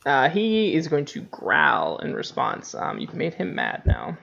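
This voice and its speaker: Gravelly-voiced male dungeon master, easygoing and rambling, on muffled lo-fi stream audio. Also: on the high side, huge pitch swings, unhurried, a bit bright, a little hiss or hum. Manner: laughs often, many fillers. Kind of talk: narrating a tabletop game.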